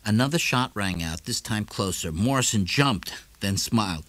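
A man reading a novel aloud in measured, lively storytelling narration. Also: fairly low pitch, no echo. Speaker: audiobook narrator. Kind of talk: scripted narration.

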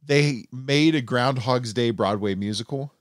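A playful man co-hosting a casual podcast, with a medium-pitched voice. He jokes a lot and often drops into put-on accents. The sound is dry and close to the mic. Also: unhurried, dry recording. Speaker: podcast co-host. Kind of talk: casual chat.

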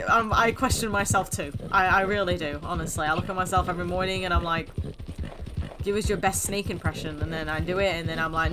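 A woman's voice: medium pitch, background noise. A young woman giving chatty, self-mocking commentary while playing a video game. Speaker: gaming YouTuber. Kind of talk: casual gameplay commentary. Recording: game sounds and hooves over voice.

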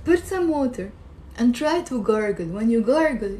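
A woman giving a live online pronunciation lesson. She slowly repeats each sound for her viewers to copy. She keeps asking them questions and waiting for answers. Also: fairly high pitch, lively intonation, background noise. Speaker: Arabic teacher.

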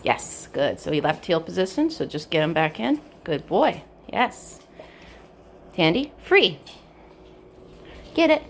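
A woman dog trainer explaining a training session in casual narration at home, switching between high bright praise for her dog and low quiet explanation. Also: very animated, slow, long pauses, slight background noise. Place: indoors at home with pets.

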